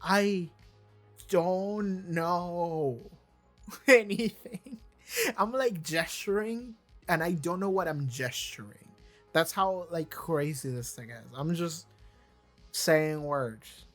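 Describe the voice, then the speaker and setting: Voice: medium pitch, slow, soft background music. A reaction channel host talking casually from a chair, rambling with stammered restarts and frequent swearing. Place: seated in a chair.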